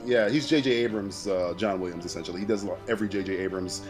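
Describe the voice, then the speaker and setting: A man's voice: low voice, fast talker, over music. A man co-hosting a podcast in casual chat, rambling with frequent restarts, swearing and laughing often. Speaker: podcast co-host.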